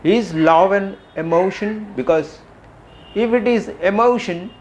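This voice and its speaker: A middle-aged man giving a reflective public talk, asking questions and repeating phrases with frequent pauses. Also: high voice. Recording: faint background noise.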